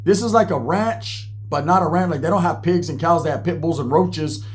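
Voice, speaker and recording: A man's voice: a little high, brisk. A man telling a wild personal story in casual, profane, slang-filled talk, acting out the people he quotes.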